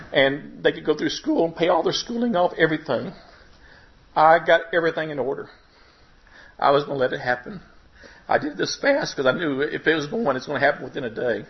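A man telling his personal faith testimony to a congregation, emotional, his voice rising and breaking at the high points. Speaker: preacher giving testimony. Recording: dull lo-fi recording.

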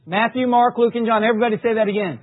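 A man preaching a sermon, reading scripture emphatically and dropping low for asides. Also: steady tone, racing. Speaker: pastor. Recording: tinny phone-like recording.

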